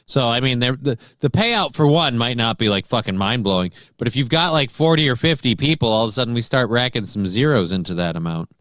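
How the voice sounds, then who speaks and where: Male co-host, mid-pitched, relaxed chat, dry mic. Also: a little fast, few pauses, dry recording. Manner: laid-back, chimes in agreeing. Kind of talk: casual chat.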